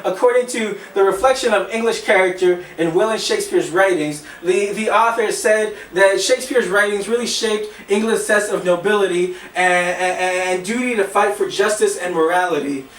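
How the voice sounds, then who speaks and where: Hesitant high-voiced man giving a speech. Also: moderate pace, hardly any pauses, fairly bright tone. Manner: hesitant, many fillers and restarts. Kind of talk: classroom speech. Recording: echoey room, mic at a distance.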